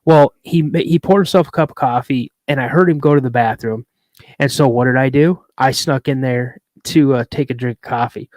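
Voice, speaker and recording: Male co-host, casual anecdotal storyteller, mid-pitched, dry sound. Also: brisk, a little mellow, no echo. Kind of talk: casual chat on a live show.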